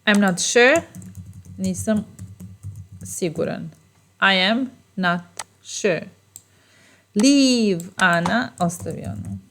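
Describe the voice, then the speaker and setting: A woman with a Serbian accent teaching short English phrases, repeating each one slowly and explaining patiently. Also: mid-range voice, expressive, fairly bright tone, slight background noise. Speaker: language teacher. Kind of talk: bilingual phrase lesson.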